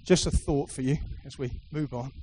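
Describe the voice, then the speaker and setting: A man's voice: medium pitch, moderate pace, darkish tone, slight background noise, poor audio. A middle-aged man preaching a sermon to a congregation, emphatic and repetitive, with playful asides. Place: church hall with a live congregation.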